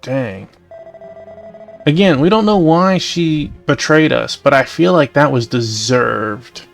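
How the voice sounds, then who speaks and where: A young man casually commenting on a game playthrough in relaxed, muttered asides. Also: medium pitch, slow pace, vocal fry, soft background music. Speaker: game streamer.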